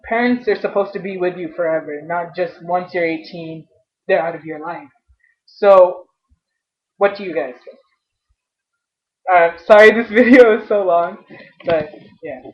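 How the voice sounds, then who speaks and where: A young adult woman venting in a personal vlog, frustrated and halting, often restarting her sentences. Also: fairly low pitch. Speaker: vlogger. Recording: dull lo-fi webcam audio.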